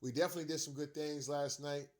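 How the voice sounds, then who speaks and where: A man's voice: fairly high pitch, fairly even intonation, fast talker. A young man, a fan commentator, delivering a heated, profane rant about his team's loss, repeating himself for emphasis.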